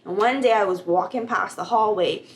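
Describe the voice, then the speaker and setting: A young woman vlogging at home, animated as she tells a personal faith story and acts out the dialogue. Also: medium pitch, normal speed, slight background noise. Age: young adult. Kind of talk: casual testimony vlog.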